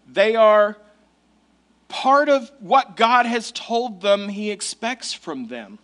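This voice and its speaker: A male pastor delivers a sermon in a conversational tone. His voice sits high, and he stresses key points with casual asides. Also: animated, slow pace, fairly bright tone.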